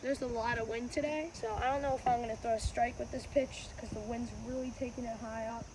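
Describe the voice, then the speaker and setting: A woman's voice: a little high, steady tone, fairly quick. A woman hosting a casual how-to vlog outdoors on a windy day, rambling and correcting herself as she explains, recorded on a phone. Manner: rambling, chatty, self-correcting. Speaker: wiffleball player and channel host. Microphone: phone camera.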